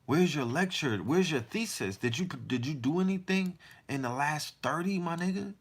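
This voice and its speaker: A man's voice: on the high side, expressive, moderate pace. A man hosting a podcast, delivering a heated, profane monologue full of rhetorical questions. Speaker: podcast host.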